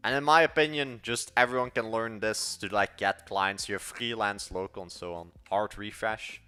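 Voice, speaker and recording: A man's voice: on the low side, fairly even intonation, moderate pace, bright, forceful tone, clear, resonant tone, faint music behind. An eighteen-year-old man from Belgium with a Dutch accent, rambling casually to his live-stream chat while he codes. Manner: rambling, slangy, talks to chat and mutters while working. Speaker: live-streaming app developer.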